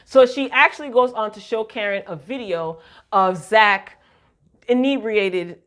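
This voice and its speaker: A woman talks through a TV episode recap in a loose, chatty way. She is animated and slangy, talking straight to her viewers. Her voice sits at an ordinary middle pitch for a woman. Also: measured pace. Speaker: recap vlogger. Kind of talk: casual TV recap chat.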